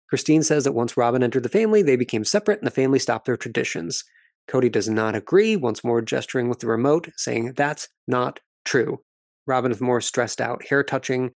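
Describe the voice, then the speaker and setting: Man, podcast host, wry measured commentary, analytical, dry close recording. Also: mid-range voice, gravelly, a little mellow, no echo.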